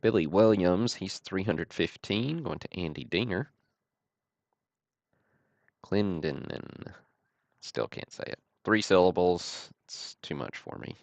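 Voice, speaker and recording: A man hosting a livestream, calling out trading cards one after another in a steady, matter-of-fact way with dry self-deprecating asides. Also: deep voice, normal speed, creaky, few pauses, no echo. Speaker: host of a card-break livestream.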